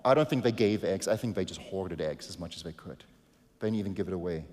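A male pastor preaching a sermon earnestly, moving between hushed and emphatic delivery. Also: low-pitched, quick pace, in a large hall.

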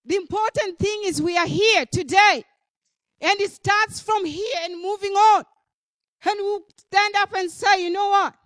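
A woman's voice: extremely high pitch, a little slow, a bit bright. A woman preacher delivering a sermon at a church service, emphatic, with many repeated phrases and a rising and falling delivery.

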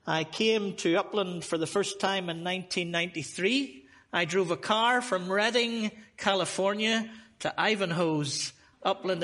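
A Northern Irish man preaches as a visiting speaker, his voice high and bright with a forceful edge. He talks to the congregation in a chatty, humorous way before settling into his sermon. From Northern Ireland. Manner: humorous, chatty opening asides. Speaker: guest preacher.

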